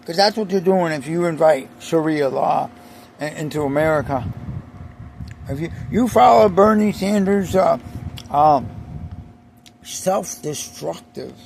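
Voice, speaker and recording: A man's voice: fairly high pitch, a little slow, gravelly, pauses often, a little mellow, slight background noise. A man delivering an emphatic, repetitive ranting monologue, often restarting his sentences.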